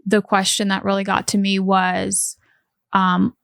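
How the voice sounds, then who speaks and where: A woman with an Appalachian accent co-hosting a casual podcast, jumping in with quick remarks and agreeable backchannels. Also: medium pitch, completely flat delivery, gravelly, fairly bright tone, dry recording, studio quality. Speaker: podcast co-host.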